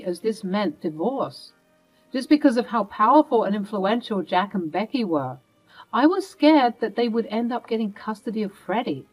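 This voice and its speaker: A woman's voice: mid-range voice, low-quality recording. A woman narrating a first-person family drama in an earnest, emotional way.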